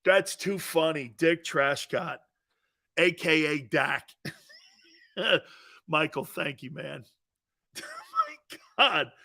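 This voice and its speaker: A man hosting a sports talk show, joking loudly and laughing often as he riffs on football. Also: on the high side, takes it slowly, creaky, long pauses. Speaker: sports radio host.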